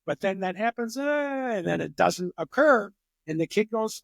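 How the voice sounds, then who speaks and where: High-voiced older man telling stories animatedly. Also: normal speed, vocal fry, no echo. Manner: animated storyteller who acts out examples. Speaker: psychologist guest. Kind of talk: podcast interview.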